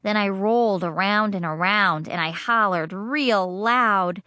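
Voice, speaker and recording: A woman's voice: medium pitch, a little slow, hardly any pauses, bright, forceful tone, clean tone, no echo. A woman reading a children's audiobook in a bubbly, childlike first-person voice, in a studio. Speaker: audiobook narrator.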